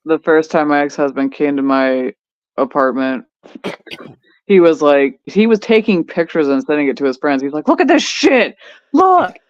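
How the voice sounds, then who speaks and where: A fairly high voice speaking bluntly and profanely, laughing often through casual chat. The sound is dull and lo-fi, dry with no room around it. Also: male voice, moderate pace, clear, resonant tone, no echo. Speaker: veteran podcast co-host.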